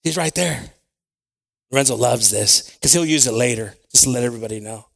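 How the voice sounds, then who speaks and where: Bright, gravelly-voiced preacher man. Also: mid-range voice, fairly quick. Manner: swings from quiet prayer to shouted preaching; storytelling with acted asides. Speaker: pastor. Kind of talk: sermon.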